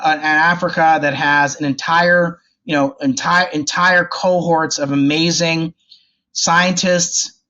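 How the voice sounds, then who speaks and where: A man speaking as a guest expert in a podcast interview, animated and informal, acting out quoted remarks. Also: a little high. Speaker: guest, development policy expert. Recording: dull lo-fi audio.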